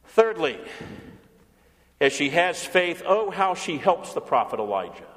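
High-voiced pastor preaching in a reverberant hall. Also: male voice, sing-song, a little slow. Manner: dramatic, acts out voices, rhetorical questions, pitch swings. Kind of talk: sermon.

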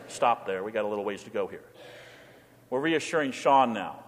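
A man's voice: fairly low pitch, expressive, normal speed, long reverb tail. A male pastor preaching a sermon in a church, building his points through repeated rhetorical questions and leading the congregation in call-and-response.

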